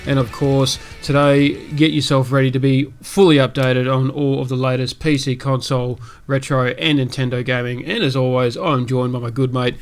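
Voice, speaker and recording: A man's voice: mid-range voice, level tone, normal speed, few pauses, clear, resonant tone, faint music behind. A man hosting a casual gaming podcast, chatty and rambling, restarting his sentences. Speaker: podcast host.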